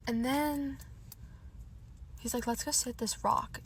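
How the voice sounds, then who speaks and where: A young woman telling a casual storytime, animated, swearing often and using "like" a lot. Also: fairly high pitch, normal speed, husky.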